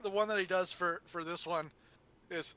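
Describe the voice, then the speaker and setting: A man in casual podcast chat, speaking haltingly with many restarts. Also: high voice, fairly even intonation, bright, forceful tone, clear, resonant tone.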